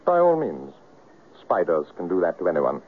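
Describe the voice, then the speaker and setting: A laconic, low-voiced safari hunter. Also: male voice, wildly swooping pitch, moderate pace, breathy edge, heavily acted. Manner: dry, laconic, clipped. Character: cool, cocky white hunter turned bewildered man. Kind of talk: 1970s radio drama acting. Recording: tinny lo-fi radio broadcast.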